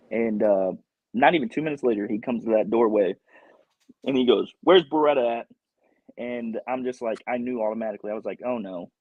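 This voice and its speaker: A male professional wrestler telling a lively backstage story in a casual interview, laughing often as he talks. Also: on the low side, dry recording. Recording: dull lo-fi recording.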